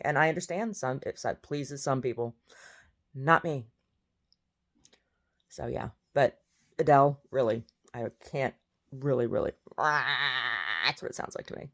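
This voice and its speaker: A woman's voice: a bass voice, normal speed, long pauses. A woman talks from her bed, still groggy with her first-thing-in-the-morning voice. She rambles through a casual monologue, blunt and full of opinions. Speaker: vlogger. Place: in bed at home.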